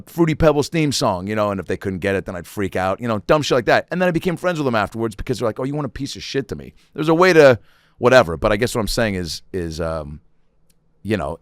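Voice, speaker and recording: A man with a fairly low voice tells loose, swearing-laced stories as a podcast host. The sound is dry and close, with no room around it. He talks casually and drops into quick put-on voices as he goes. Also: dry recording. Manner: profane, rambling storyteller with quick impressions. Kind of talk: casual chat.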